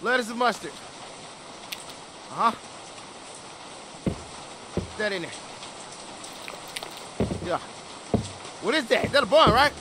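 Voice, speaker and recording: Man, horror game commentary, excitable yelps, slangy banter, noisy background. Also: very high-pitched, slow pace, pauses often. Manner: excitable, jumpy, yelps when startled. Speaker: gaming streamer.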